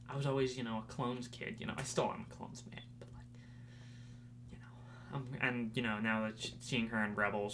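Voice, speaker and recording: A young man hosting a podcast, rambling in casual chat with lots of fillers and excited fan talk. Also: mid-range voice, a little hiss or hum. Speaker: podcast host.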